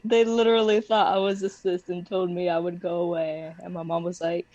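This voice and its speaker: A woman's voice: on the low side, flat delivery, a little fast, mellow, muffled recording. A young woman co-hosting a podcast, chatting casually about her siblings and laughing as she tells stories. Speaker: podcast co-host. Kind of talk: casual conversational chat.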